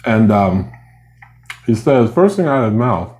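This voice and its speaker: A man's voice: on the low side, very animated, unhurried, a little mellow. A man vlogging while he eats, chatting casually and rambling between bites. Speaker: mukbang vlogger. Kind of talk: casual chat while eating.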